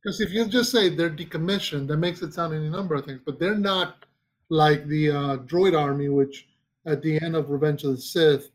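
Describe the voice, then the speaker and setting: A man's voice: fairly high pitch, moderate pace. A man co-hosting a casual podcast chat, rambling with restarts and searching for names as he talks. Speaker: podcast co-host.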